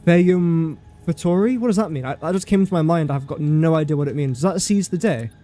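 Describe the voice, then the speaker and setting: A man's voice: a little high, expressive, quick pace, mellow, soft background music. A man chatting casually during a gameplay livestream, playful and self-mocking, talking to objects in the game. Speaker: game streamer.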